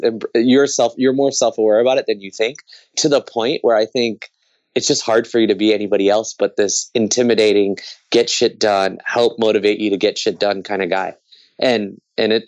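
A man's voice: fairly low pitch, steady tone, normal speed, no room sound, muffled recording. Blunt, frank man giving advice. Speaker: podcast co-host. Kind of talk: casual conversation.

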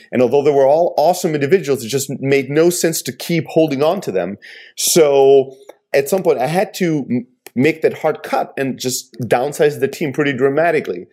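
A man's voice: medium pitch, a little mellow. A man and entrepreneur sharing hard moments of his career in an earnest, reflective conversational way.

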